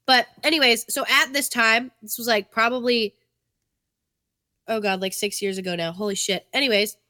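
A woman's voice: fairly high pitch, steady tone, normal speed, pushed and bright, dry recording, studio quality. A woman from New England co-hosting a podcast, telling candid stories and swearing casually. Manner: candid, swearing, chatty storyteller. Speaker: podcast co-host.

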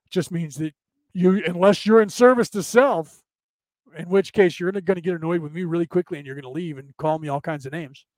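A man's voice: high-pitched, brisk, darkish tone, dry recording. A man hosting a casual spiritual talk show, rambling, repeating himself and often asking "right?" as he reads comments from his listeners. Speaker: podcast host.

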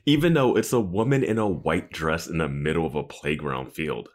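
A man co-hosting a podcast, chatting casually about a TV episode, animated and chuckling often. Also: extremely low pitch, moderate pace. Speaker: podcast co-host. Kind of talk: casual chat recapping a TV episode.

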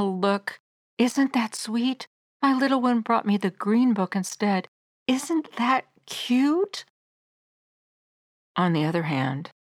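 A middle-aged woman narrating her own devotional book in a gentle, measured, earnest reading. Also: on the low side, no echo, studio quality.

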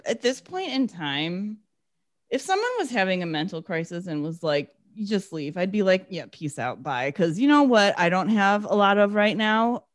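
A woman's voice: medium pitch, lively intonation, normal speed, no room sound, clean studio sound. A woman co-hosting a casual podcast, recapping a movie with sarcasm and swearing, acting out the characters' lines. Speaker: podcast co-host.

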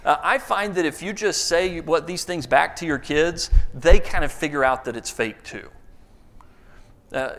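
A man's voice: fairly high pitch, a little slow, fairly bright tone, big-room sound. A middle-aged man preaching a conversational sermon, telling stories and acting out voices along the way. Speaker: pastor.

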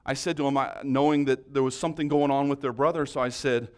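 A man giving a conversational church teaching, earnest and encouraging, rising loud then dropping soft. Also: mid-range voice, steady tone, fast.

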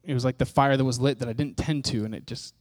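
A man with a mid-range voice and steady tone delivers a personal testimony sermon at a quick pace, recorded dry. He tells his story candidly and mocks himself, acting out the things people said to him.

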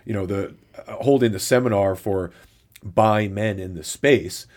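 A man's voice: lowish voice, a little slow, darkish tone. A man co-hosting a casual podcast, rambling along and often repeating words as he talks. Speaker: podcast co-host.

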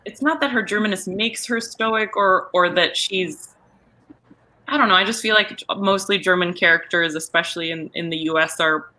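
Bright-voiced woman searching for words. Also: medium pitch, moderate pace. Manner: searching for words, many fillers and restarts. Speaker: voice actor guest. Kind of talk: casual panel chat.

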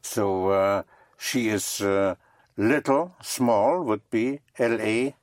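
A French teacher giving a slow, patient one-on-one lesson and spelling words out letter by letter. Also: mid-range voice, darkish tone, no room sound, studio quality.

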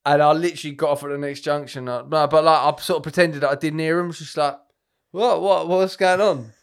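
A man's voice: on the high side, flat delivery, quick pace, smooth. A man co-hosting a podcast, chatting casually, joking, swearing and laughing often. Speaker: podcast co-host. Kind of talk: casual chat.

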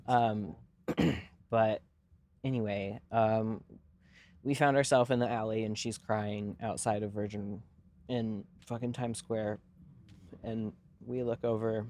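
A man's voice: lowish voice, fairly even intonation, takes it slowly, pauses often, darkish tone, slight background noise. A young man co-hosting a podcast, telling a long story in casual chat, rambling and swearing freely with lots of fillers. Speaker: podcast co-host.

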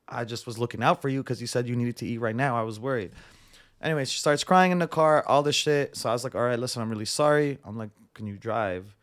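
A young adult man, a podcast guest, telling a story in a casual, rambling way. He acts out the dialogue with "I'm like" and scatters "like" through it. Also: fairly low pitch.

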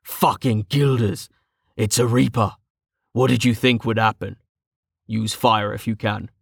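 A man's voice: lowish voice, fairly even intonation, a little slow, vocal fry, slightly rough, no echo, studio quality, heavily acted. A man voicing a curt, cursing male archer in an audiobook.

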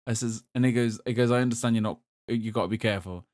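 A man from England on a gaming podcast, telling a long story in a casual, animated way and laughing as he goes. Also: fairly low pitch, quick pace, no room sound, clean studio sound. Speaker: podcast host. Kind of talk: casual chat.

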